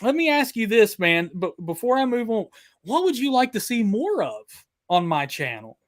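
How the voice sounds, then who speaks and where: A man hosting a livestream chat, excitable and hyping up his guest and viewers. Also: high voice, moderate pace. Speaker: host.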